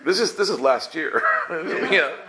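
A man telling a humorous personal story to a church group, animated and chuckling as he acts out his own thoughts. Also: a little high, measured pace, heavy background noise.

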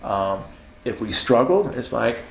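A man's voice: medium pitch, lively intonation, measured pace, creaky, reverberant. A man preaching an informal sermon, acting out quoted voices and laughing often as he teaches.

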